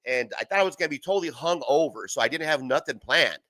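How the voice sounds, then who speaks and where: A man's voice: a little high, lively intonation, quick pace, pushed and bright, dry recording. A young man hosting a casual livestream from home, rambling through stories with heavy profanity and frequent laughter. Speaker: livestream host.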